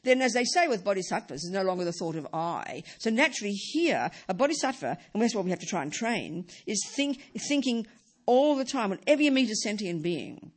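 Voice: mid-range voice, very animated, fairly quick. A middle-aged Buddhist teacher giving a dharma talk, emphatic and repeating key phrases.

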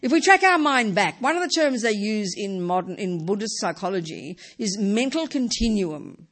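A woman's voice: mid-range voice, sing-song, normal speed. A woman teaching a Buddhist lesson in an informal, emphatic way, often tossing in rhetorical tag questions and "you know" asides. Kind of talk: informal dharma talk.

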